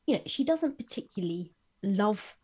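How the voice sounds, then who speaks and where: A woman's voice: medium pitch, sing-song, normal speed, darkish tone, slightly rough. A woman co-hosting a podcast, talking casually about a novel with many restarts. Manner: hesitant, lots of restarts. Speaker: book podcast co-host. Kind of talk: casual book discussion.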